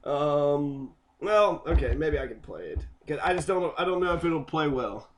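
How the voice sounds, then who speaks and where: A man's voice: fairly high pitch, lively intonation, moderate pace, a little hiss or hum. A man giving casual, rambling commentary on a video, full of profanity and loose asides.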